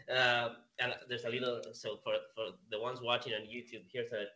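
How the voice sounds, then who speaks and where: A man hosting a casual interview, speaking in a halting way with lots of fillers. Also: medium pitch, flat delivery, sharp tone. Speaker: podcast host.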